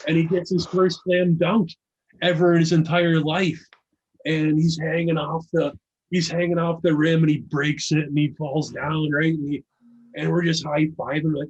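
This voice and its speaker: Male podcast storyteller, husky voice, animated and profane, acts out the dialogue. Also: fairly high pitch, moderate pace, highs cut off. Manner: animated, swears freely, acts out quotes. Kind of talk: casual storytelling.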